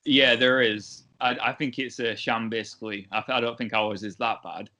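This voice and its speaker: A man's voice: mid-range voice, steady tone, bright, forceful tone. A man from Hull, England, with a Hull English accent, hosting a casual interview and laughing easily. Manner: easygoing and laughing, quick short backchannels. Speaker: podcast host.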